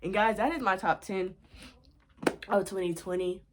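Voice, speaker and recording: A woman's voice: mid-range voice, moderate pace, background noise. A woman book vlogger at home, gushing in a casual review and repeating herself often.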